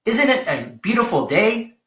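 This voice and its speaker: A man doing a cheerful high tumbleweed girl. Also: very animated, a little slow, sharp tone, echoey room, heavily acted. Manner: cheerful, chirpy. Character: cheerful friendly female tumbleweed.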